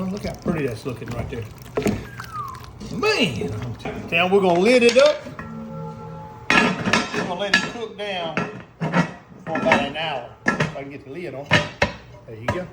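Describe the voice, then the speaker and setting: A man with a Southern US accent talks his way through a cooking demo in a high, bright voice, full of folksy exclamations. He sounds roomy and echoey, with clear background noise in the recording. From Southern United States. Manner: folksy, excited exclamations, talks to the camera operator. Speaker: host cooking on camera. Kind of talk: casual cooking demonstration.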